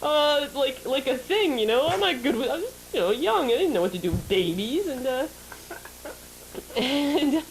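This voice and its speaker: A woman co-hosting a casual chat show, telling an animated story, laughing often and acting out the people in it. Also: sits high, unhurried, slight background noise, low-quality recording. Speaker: show co-host.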